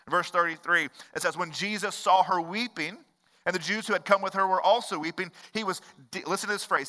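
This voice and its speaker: A man preaching a sermon as pastor, moving from hushed storytelling to impassioned, rising preaching with repetitive rhetorical cadence. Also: sits high, a little fast. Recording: long hall reverb.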